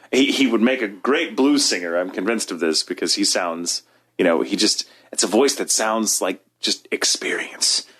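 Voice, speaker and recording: A man's voice: on the low side, a bit bright. A man co-hosting a podcast in casual, enthusiastic chat, swearing freely and restarting his sentences. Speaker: podcast co-host.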